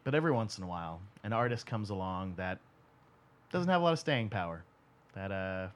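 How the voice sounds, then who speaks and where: A man's voice: low voice, animated, fairly quick. A man hosting a casual music podcast with friends, joking and restarting his sentences. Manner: joking, loose, hesitant restarts. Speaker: podcast host.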